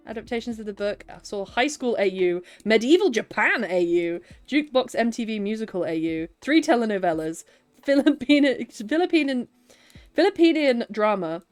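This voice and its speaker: A woman's voice: mid-range voice, animated, moderate pace, soft background music. A woman chatting casually on a live writing stream, answering her chat and laughing often.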